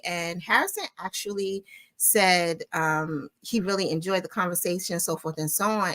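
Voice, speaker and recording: A middle-aged woman hosting a weekly live stream, telling stories in a casual chat and talking straight to her viewers. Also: on the low side. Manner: animated storytelling, warm address to viewers ("y'all"). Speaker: host of a weekly crochet livestream.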